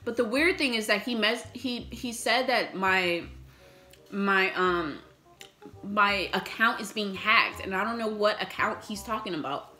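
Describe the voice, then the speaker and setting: Young woman vlogger, bright tone, animated storytelling, swears a lot, faint music behind. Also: medium pitch, measured pace. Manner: animated, swears often, acts out texts. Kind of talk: casual storytime while eating.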